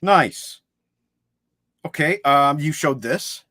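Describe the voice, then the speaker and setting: A man's voice: on the high side, drawn-out words, no echo, studio quality. A man co-hosting a livestream, chatting enthusiastically about his CD collection. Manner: enthusiastic, lively collector talk. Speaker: co-host showing his CD collection. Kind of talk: casual chat on a livestream.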